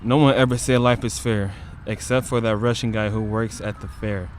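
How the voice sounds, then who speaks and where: A man from Detroit, a street performer, reading jokes in an unhurried way and laughing through his own lines outdoors. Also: fairly low pitch, steady tone, a little hiss or hum. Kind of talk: casual joke reading.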